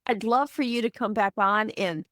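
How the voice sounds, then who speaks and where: A middle-aged woman from the US, an ADHD coach teaching on a live video call, animated and acting out quoted voices with self-deprecating asides. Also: mid-range voice, normal speed, no echo, studio quality. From Midwestern US. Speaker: ADHD coach and guest speaker.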